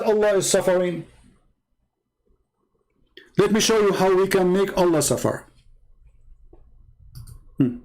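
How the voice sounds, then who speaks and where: A man's voice: high voice, darkish tone, poor audio. A man hosting a live stream, arguing emphatically in broken English. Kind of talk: polemical debate talk.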